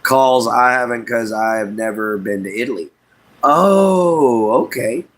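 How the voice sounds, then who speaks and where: A middle-aged man from Southeast Texas, chatting casually and haltingly with his livestream viewers by name, with lots of fillers. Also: medium pitch. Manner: unhurried, halting, many fillers, talks to chat by name. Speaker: livestream host.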